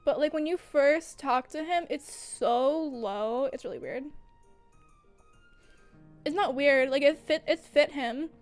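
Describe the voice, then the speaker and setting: On her stream, a young woman talks a little slowly in a high-pitched voice, leaving long pauses while faint music plays behind her. Her casual chatter is gushing and full of fillers, and she laughs frequently mid-sentence.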